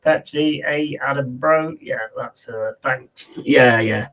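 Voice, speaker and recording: This man takes it slowly, his medium-pitched voice a bit bright. He's hosting a football watch-along, casually commentating and chatting laddishly with viewers, reading their messages aloud and answering.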